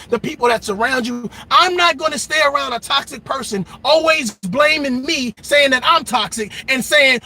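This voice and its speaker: A man hosting a reaction channel, delivering a loud, emphatic and mocking rant that keeps repeating itself. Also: very high-pitched, slightly rough.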